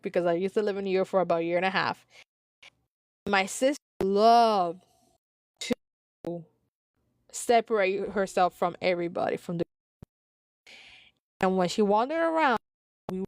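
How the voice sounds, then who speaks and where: A woman's voice: on the low side, clear, resonant tone, no echo, clean studio sound. A woman reading a story aloud and rambling into side comments, with many restarts and the odd Spanish exclamation. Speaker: story reader.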